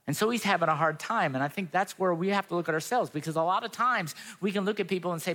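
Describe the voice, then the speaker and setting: A man's voice: sits high, fast talker, hardly any pauses, fairly bright tone. A pastor giving a sermon in an earnest, conversational way, acting out the quotes he tells. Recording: long reverb of a hall.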